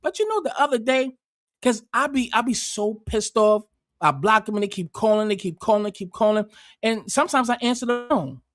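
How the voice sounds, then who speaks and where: A man loudly telling a profane story on a podcast, animated and yelling at times. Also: sits high, fairly quick, dry recording, studio quality. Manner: animated, loud, swearing, admits yelling.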